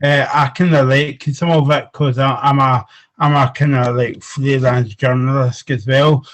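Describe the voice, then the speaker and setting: A man with a Scottish accent, an audience member asking a casual, hesitant question on a video call, halting and full of fillers. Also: mid-range voice, level tone, fairly bright tone.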